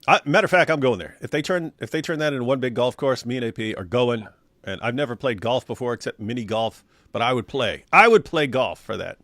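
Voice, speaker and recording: A man's voice: medium pitch, brisk, no echo, studio quality. A man co-hosting a casual livestream, reading viewer comments aloud and answering them with sarcastic jokes. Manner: sarcastic, animated, joking. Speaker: co-host reading viewer chat.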